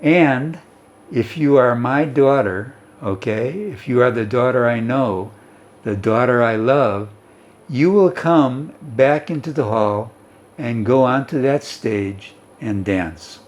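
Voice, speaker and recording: A man's voice: medium pitch, close to an everyday voice. A man reading as a firm, loving mother. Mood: firm, tender. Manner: slow, firm, deliberate delivery.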